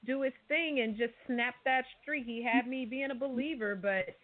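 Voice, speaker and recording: A woman co-hosting a boxing show, telling lively stories from ringside in casual chat. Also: a little high, moderate pace. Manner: lively storyteller, mocking impressions. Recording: tinny phone-like sound.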